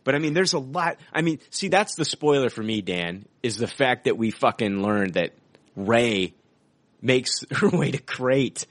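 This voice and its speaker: An excitable man of middling pitch, co-hosting a casual podcast and swearing freely as he talks. The sound is dry and close, with no room around him. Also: unhurried, no room sound. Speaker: podcast co-host. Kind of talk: casual film discussion.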